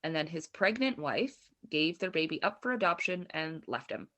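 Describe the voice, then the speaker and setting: A woman's voice: low voice, very animated, normal speed, a bit bright, muffled recording. A woman co-hosting a comedy podcast, recounting a true crime story in a casual, chatty way with frequent laughs. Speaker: podcast co-host.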